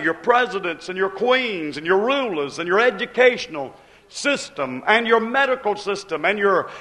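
A man's voice: very high-pitched, pushed and bright. A man preaching a sermon with a rising and falling cadence, repeating phrases as he builds each point.

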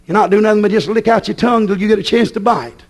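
A man preaching a sermon, folksy and scolding, swinging between shouts and low, hushed asides. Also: quick pace.

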